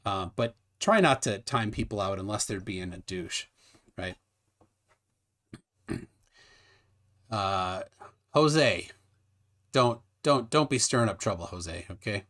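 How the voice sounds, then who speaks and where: A man's voice: on the low side, takes it slowly, pauses often. A man hosting a casual livestream debate, reading chat aloud and explaining with frequent restarts. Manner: animated, many restarts, reads chat aloud. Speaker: livestream host.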